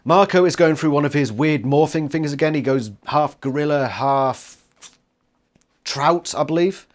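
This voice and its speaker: A man's voice: fairly high pitch, a little slow. A man giving a casual, sarcastic book review, swearing freely.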